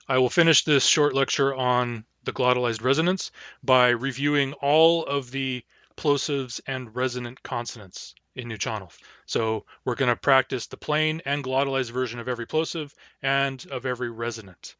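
A man's voice: mid-range voice, steady tone, normal speed, bright, forceful tone, dry recording. A man teaching a language, giving a pronunciation lecture and saying each example word twice as a model. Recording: dull, lo-fi dry recording.

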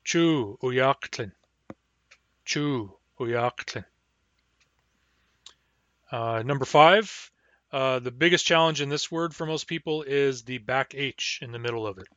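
A man teaching a language class online, sounding out words slowly and carefully, syllable by syllable. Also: mid-range voice, sharp tone, dry recording, highs cut off. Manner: slow, careful, deliberate pronunciation.

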